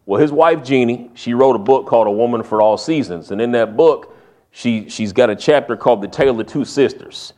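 Male preacher, folksy humorous sermon delivery, middle pitch. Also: a little fast, a little mellow. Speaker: pastor.

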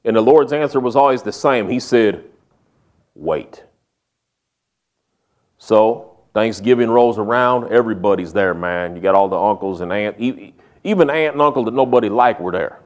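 A man's voice: lowish voice, fairly quick. A man preaching a sermon, telling stories in a folksy, humorous way. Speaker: pastor.

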